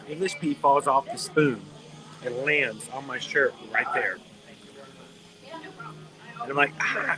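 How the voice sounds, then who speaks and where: A middle-aged man hosting a live stream, telling a playful story in a casual, animated way, outdoors in a theme park. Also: medium pitch, poor audio. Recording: busy crowd noise behind. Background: crowd, park sounds.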